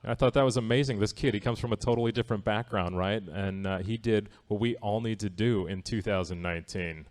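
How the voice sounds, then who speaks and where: With a voice on the low side, a man does stand-up on a theatre stage, talking fairly quickly with few pauses. His manner is loose, wry, and conversational, and he often asks the crowd "right?".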